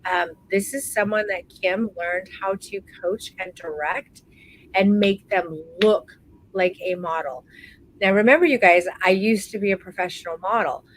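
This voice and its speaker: A woman's voice: mid-range voice, normal speed, slight background noise, low-quality recording. Encouraging woman teaching a live class. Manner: warm encouraging, calls people baby. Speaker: photography course instructor. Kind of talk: live online class roundtable.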